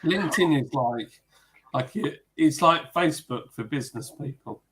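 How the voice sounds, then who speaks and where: Animated man hosting a stream. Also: a little high, moderate pace. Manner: animated, laughs easily, mimics people in stories. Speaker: live stream host. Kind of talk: casual chat over beers.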